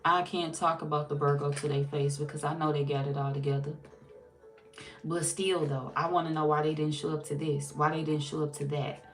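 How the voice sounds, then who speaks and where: A woman's voice: low-pitched, a little fast, faint music behind. A woman doing a casual tarot reading, blunt and sassy, swearing freely and talking straight to the viewer. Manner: blunt, sassy and heavily profane; animated, talks straight to the viewer. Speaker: tarot reader.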